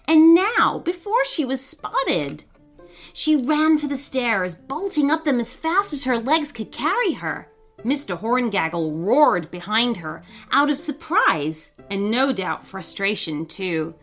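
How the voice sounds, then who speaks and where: A woman reads a children's story with dramatic expression and a slow, careful pace. Her fairly high voice swoops widely, with faint music behind her. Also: fairly bright tone. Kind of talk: scripted children's story narration.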